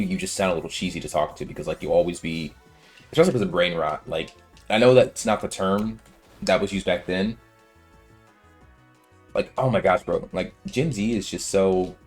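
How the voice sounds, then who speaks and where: A deep, slightly mellow male voice belongs to a let's-play gamer in his twenties. He delivers casual gameplay commentary that rambles, leans on filler, and is full of slang.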